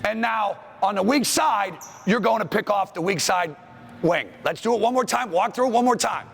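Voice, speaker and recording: A man coaching basketball players through plays in a school gym, calling out brisk commands. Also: high voice, vocal fry, fairly bright tone, slightly rough. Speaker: basketball coach leading a clinic. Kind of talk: on-court coaching drill instruction.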